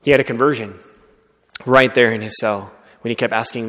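A man preaching a sermon, telling a story in an earnest, conversational way and often dropping to a soft voice. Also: medium pitch, fairly even intonation, brisk. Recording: long reverb of a large hall.

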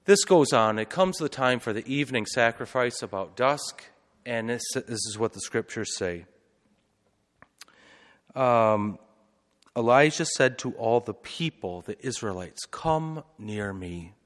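A man, a priest, giving a sermon as lively storytelling, full of asides and rhetorical questions. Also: mid-range voice, big-room sound.

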